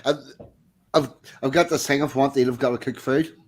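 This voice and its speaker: A man chatting casually on a stream, relaxed and hesitant with many pauses. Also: mid-range voice. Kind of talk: casual chat.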